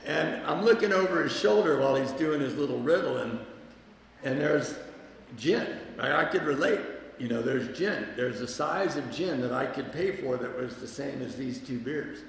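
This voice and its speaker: Gravelly-voiced man telling his story. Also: mid-range voice, lively intonation, normal speed, slight background noise. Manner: candid, self-mocking, with wry laughs. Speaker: speaker sharing a recovery story. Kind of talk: personal storytelling talk. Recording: echoey hall with long reverb.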